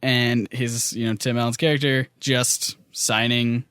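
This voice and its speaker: A man's voice: medium pitch, flat delivery, a little slow, a bit bright, clean tone, no room sound, studio quality. A man co-hosting a casual podcast chat, telling stories with lots of fillers. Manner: rambling storyteller, many fillers. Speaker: podcast co-host.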